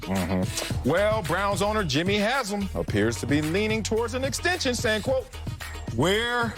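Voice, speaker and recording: A man's voice: high voice, wildly swooping pitch, moderate pace, music in the background. A man co-hosting a sports talk show, arguing his take in an emphatic, theatrical, teasing way. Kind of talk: animated sports debate.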